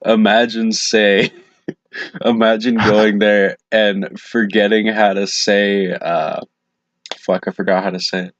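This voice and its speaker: A man's voice: lowish voice, flat delivery, slow, no room sound, dull audio. A young man co-hosting a casual podcast, laid-back, swearing and laughing a lot. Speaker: podcast co-host. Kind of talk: casual chat.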